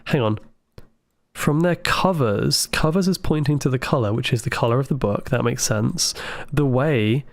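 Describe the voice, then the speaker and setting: A man livestreaming a puzzle game, thinking aloud with excited asides to his chat. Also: mid-range voice, gravelly, no room sound. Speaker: game streamer. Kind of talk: live gameplay commentary.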